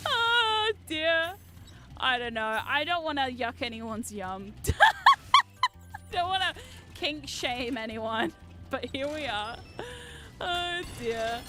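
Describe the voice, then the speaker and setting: A woman streaming a game, chatting excitedly with her viewers, swearing freely and shouting at the game. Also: high voice, drawn-out words, pauses often, music in the background. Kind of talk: live-stream gameplay chat.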